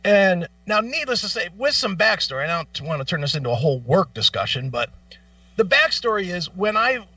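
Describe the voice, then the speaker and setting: A middle-aged man co-hosts a radio show and tells a profane, animated story. His bright, high voice swings widely in pitch. He sounds dull and set back from the mic in a dry studio. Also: a little fast, distant mic. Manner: profane, animated, laughs through stories. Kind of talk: casual on-air storytelling.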